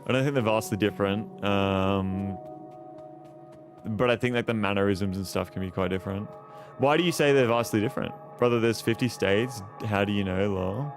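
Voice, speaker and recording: A young man with an Australian accent, chatting loosely at a low pitch while he streams. Clear game music plays behind his rambling, profanity-laced talk with chat, picked up by a desk mic at home. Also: normal speed. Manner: relaxed, rambling, swears a lot, reads chat aloud. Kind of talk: casual live-stream chat.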